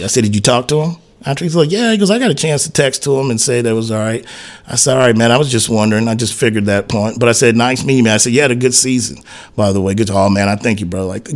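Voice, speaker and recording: Man, sports radio co-host, mid-pitched voice, casual storytelling, acts out dialogue, says "man" a lot. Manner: animated anecdote teller who acts out quoted dialogue, frequent "man" and "whatever".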